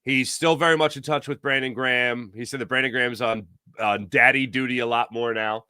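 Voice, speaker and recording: A man hosting a casual sports talk show, rambling and animated, acting out imagined quotes. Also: mid-range voice, a little fast, clean tone, no echo.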